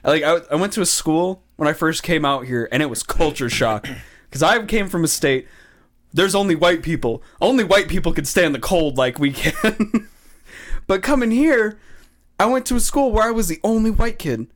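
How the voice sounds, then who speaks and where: New england guy on a podcast, kinda high voice, blunt, swears a lot. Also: expressive, normal speed. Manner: blunt, swears freely, laughs at own stories. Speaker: podcast co-host. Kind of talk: casual chat.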